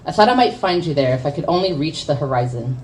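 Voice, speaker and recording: A young woman poet with a low voice performs spoken word at a café open mic, switching between awkward self-deprecating chatter and impassioned verse. She is picked up from across the room, with a faint hum of ambience underneath. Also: expressive, fast talker, darkish tone, recorded from a distance, rough recording. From United States.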